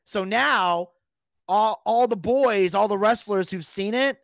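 A man casually telling a story, animated, swearing freely and shouting out the lines he quotes. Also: high-pitched, slow, gravelly, no echo. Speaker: podcast guest telling a story.

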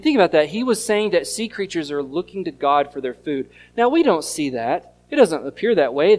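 A pastor, preaching an earnest sermon that mixes scripture reading and storytelling. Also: male voice, on the high side, a little mellow. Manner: earnest teaching tone, reads scripture aloud and tells stories.

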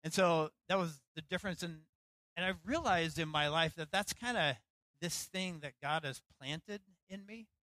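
A middle-aged man pastor preaching a sermon, telling a personal story with lively acted-out quotes. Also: on the high side, normal speed, dry recording, rough recording. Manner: storytelling, animated, acts out quotes.

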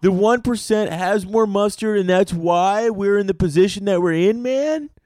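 A man's voice: high-pitched, normal speed, darkish tone, no echo, clean studio sound, voice pushed up, lightly acted. A man voicing a spaced-out young male hippie protester who drawls dopey questions. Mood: baffled drawl.

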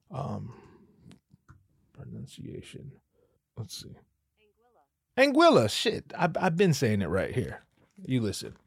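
A man's voice: mid-range voice, breathy edge, no echo, clean studio sound. A man in his thirties hosting a casual solo podcast, riffing and joking with lots of swearing and self-interruptions. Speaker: podcast host.

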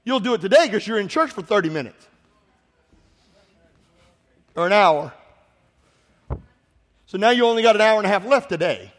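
A man preaching a sermon in a church, impassioned and swelling into shouts, putting direct questions to the congregation. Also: high voice, animated, normal speed, long pauses. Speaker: pastor.

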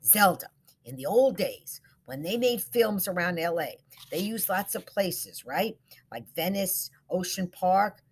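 A woman's voice: animated, a little slow, a little hiss or hum. A woman voicing Bella, a startled 55-year-old woman who hears ghostly voices at night, speaking in an urgent, breathless way. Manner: breathless, urgent, rising pitch.

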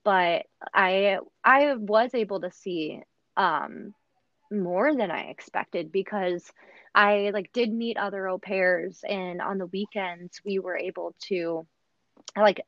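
Speaking slowly with a medium pitch, a young American woman tells stories animatedly in a casual chat, using many fillers. She's a guest and a former au pair. The dull, dry lo-fi recording has no room sound.

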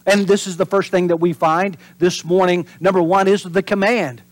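A pastor delivering a sermon in an animated preaching manner. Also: male voice, sits high, normal speed, dry recording. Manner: animated preaching, acts out voices and drops to whispers for emphasis.

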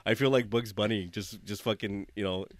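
A man's voice: fairly low pitch, fairly even intonation, normal speed, dry recording. A man co-hosting a casual movie review chat, telling a story animatedly, swearing and laughing often. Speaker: podcast co-host.

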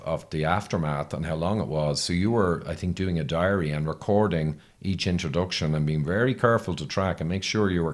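A man hosting a podcast interview, talking conversationally and repeating words as he starts his points. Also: sits low. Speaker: podcast host.

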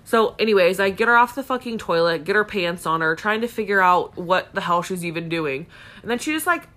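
A woman's voice: lowish voice, animated, fairly quick, pushed and bright. A woman co-hosting a podcast, telling a long story casually with blunt, frequent swearing. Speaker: podcast co-host. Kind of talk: casual chat.

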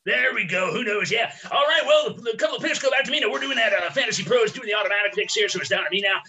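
Bright high-voiced man hamming it up. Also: animated, fast talker, highs cut off, slight background noise. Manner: loud, hammy announcer bursts. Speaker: podcast co-host. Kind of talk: casual joking banter.

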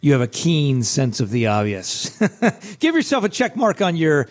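Hoarse, chatty male podcast host. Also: on the high side, huge pitch swings, normal speed. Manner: chatty and self-deprecating, upbeat. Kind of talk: casual solo podcast talk.

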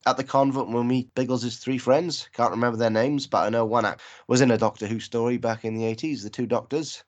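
A man's voice: mid-range voice, steady tone, a little fast. A man making dry, wry comments in a casual chat about a film. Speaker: film podcast co-host.

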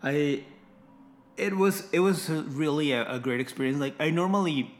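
A man's voice: on the high side, moderate pace, a little hiss or hum. A man in casual conversation about a film, enthusiastic and often repeating words as he talks. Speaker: movie fan discussing a film. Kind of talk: casual chat.

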